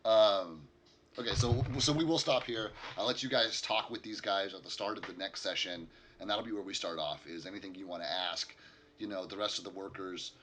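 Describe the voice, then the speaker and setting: A man with a very deep, forceful voice narrates a tabletop game as game master. He talks in halting bursts, circling back and restarting as he describes the scene, with a faint hiss of background noise. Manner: hesitant narration with many fillers and restarts.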